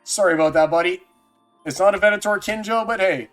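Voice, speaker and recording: A man's voice: high-pitched, brisk, a bit bright. A man streaming live, chatting casually and jokily with viewers by name. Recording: faint music underneath.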